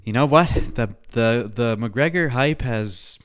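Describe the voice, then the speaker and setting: A young man talks loosely into his podcast mic, full of swearing and asides. He rambles from one thought to the next and keeps breaking into laughter. His voice sits at an ordinary male pitch. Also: expressive, slow pace, clean tone. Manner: profane, rambling, laughs a lot. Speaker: podcast host. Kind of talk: casual podcast chat.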